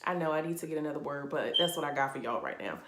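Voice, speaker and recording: Woman vlogger, low voice, blunt and profane TV recap, echoey room. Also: racing, noisy background. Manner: blunt, profane, incredulous and laughing. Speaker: reality TV reviewer. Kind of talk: casual vlog commentary.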